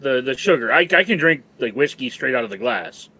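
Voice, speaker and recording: A man's voice: mid-range voice, animated, a little fast, gravelly, bright, forceful tone. A man chatting casually with friends on a gaming stream, laid-back and joking. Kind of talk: casual chat.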